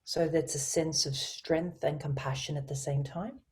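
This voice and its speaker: A woman voice coach speaking as a guest on a video call, explaining communication in an expressive, teacherly way. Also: low voice, moderate pace. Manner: expressive, teacherly, varies her inflection. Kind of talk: explanatory interview talk with spoken tone demonstrations.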